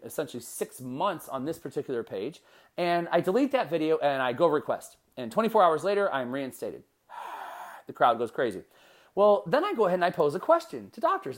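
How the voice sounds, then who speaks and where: A male podcast host talking on his own in an energetic, conversational way. His pitch swings widely as he tells his story, and he restarts sentences and tosses in quick asides. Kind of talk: solo motivational podcast talk.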